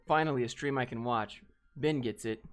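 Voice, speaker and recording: A man talking casually and bluntly to his viewers, with joking asides. His voice sits in a middle pitch. Faint background music runs under the stream. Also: moderate pace. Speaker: streamer answering viewer questions. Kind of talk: casual livestream chat.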